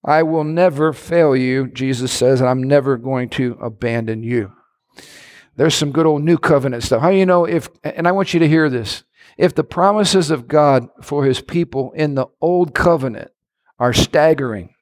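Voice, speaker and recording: High-voiced, animated male pastor preaching. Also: normal speed. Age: middle-aged. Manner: animated, swings between shouts and hushed asides. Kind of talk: sermon.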